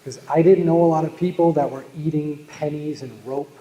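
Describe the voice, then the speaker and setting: Slightly high and steady in tone but dark, this Boston man talks a little fast, and the sound is lo-fi. He's giving a joking, anecdotal sales keynote to a live audience, calling out to them in a large hall with long, echoing reverb.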